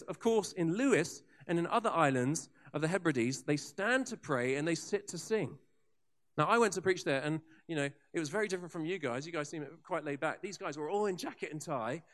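A man preaching a sermon, telling revival stories with lively asides and frequent restarts. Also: sits high. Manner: animated storyteller with asides and restarts. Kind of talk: sermon storytelling.

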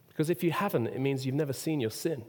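A man preaching a sermon, who asks the congregation questions and sometimes breaks into a shout. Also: mid-range voice, fast. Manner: expressive preaching, rhetorical questions, sudden shouts. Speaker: pastor. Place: church. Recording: long reverb of a church hall.

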